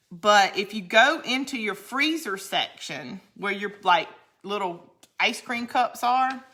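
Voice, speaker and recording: A middle-aged woman, chatting in a rambling way and laughing often as she hosts a crafting video. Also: medium pitch. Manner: chatty and rambling, laughs often, drops to a quiet count under her breath. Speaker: crafting channel host. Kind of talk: casual chat while crafting.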